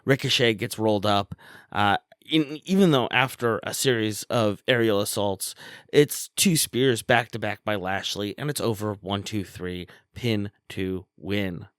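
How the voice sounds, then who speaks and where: A man co-hosting a podcast, giving a brisk play-by-play recap of matches with small fillers. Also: on the low side, fairly bright tone, clear, resonant tone, no echo, clean studio sound. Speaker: podcast co-host.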